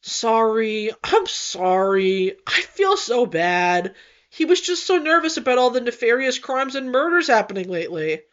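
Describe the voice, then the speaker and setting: A woman's voice: a little high, very animated, a little slow. A woman voicing a mischievous young troublemaker who plays coy and falsely innocent. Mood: sheepish. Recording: dull lo-fi recording.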